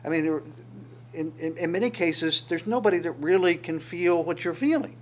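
A man leading an informal Bible study, explaining the text in a halting way, thinking aloud with many pauses. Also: fairly high pitch, expressive.

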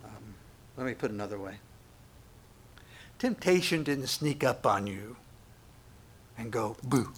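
A middle-aged man preaching a sermon as pastor, acting out quotes and asides in an animated way. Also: medium pitch, a little slow, pauses often, slightly rough. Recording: faint background noise.

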